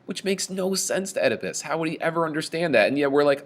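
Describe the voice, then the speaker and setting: A man giving a lecture on a play, reading lines aloud and explaining them in an animated, casual way. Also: a little high, fast talker. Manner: animated, reads quoted lines with raised voice. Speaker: teacher.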